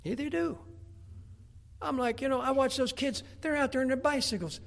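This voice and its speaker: A middle-aged man, a Baptist pastor, preaching a folksy, emphatic sermon, often stumbling over repeated words and breaking into shouts. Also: very high voice, normal speed, gravelly. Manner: repeats words when starting a thought.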